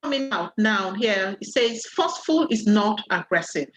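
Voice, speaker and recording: A woman's voice: mid-range voice, expressive, moderate pace, low-quality recording. A woman moderating a video call session, reading out audience comments and calling on people to ask questions.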